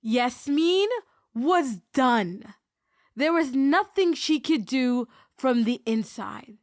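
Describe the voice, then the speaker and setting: A woman host giving scripted, measured narration of a story. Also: high-pitched, lively intonation, a little mellow, no room sound, clean studio sound.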